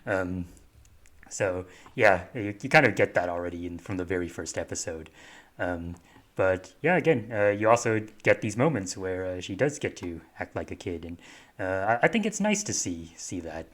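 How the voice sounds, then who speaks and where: A young man co-hosting a podcast, chatting in a casual, halting way with many fillers and restarts. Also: deep voice. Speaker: podcast co-host. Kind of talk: casual review chat.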